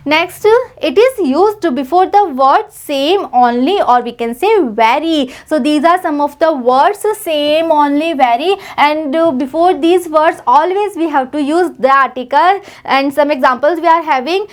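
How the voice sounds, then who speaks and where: A woman's voice: high-pitched, unhurried, hardly any pauses. A woman with an Indian accent teaching a grammar lesson, switching between English and Hindi and checking in with "right?". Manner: explains in English mixed with Hindi, repeats "right?" and "you know".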